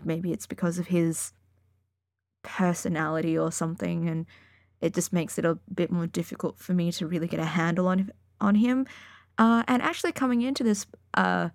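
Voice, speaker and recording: A woman's voice: mid-range voice, no room sound, clean studio sound. A woman recording a casual, enthusiastic afterword to her audiobook reading of a story, chatty and full of fillers. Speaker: podfic reader. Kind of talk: casual reader's afterword chat.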